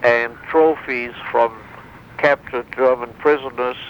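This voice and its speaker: An older man, a former wartime interrogator, recounting memories in an interview, halting with many fillers and restarts. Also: medium pitch, fairly even intonation. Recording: dull lo-fi sound with faint noise.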